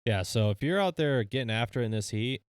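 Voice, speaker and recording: A man's voice: medium pitch, lively intonation, quick pace, smooth, dry recording, clean studio sound. A man co-hosting a podcast, tired late at night, talking in a laid-back, rambling way and laughing often. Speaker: podcast co-host. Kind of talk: casual chat. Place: shop.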